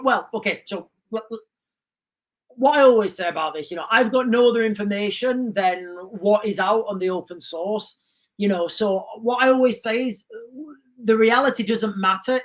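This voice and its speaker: Rambling man hosting a livestream. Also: high voice. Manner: rambling, restarts often, animated asides. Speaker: livestream host. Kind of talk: casual livestream chat reading comments.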